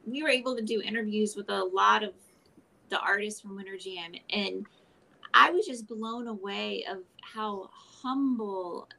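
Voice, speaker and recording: A woman's voice: mid-range voice, unhurried, gravelly, sharp tone, low-quality recording. A woman co-hosting a radio show, speaking casually with enthusiastic, gushing praise. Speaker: radio co-host.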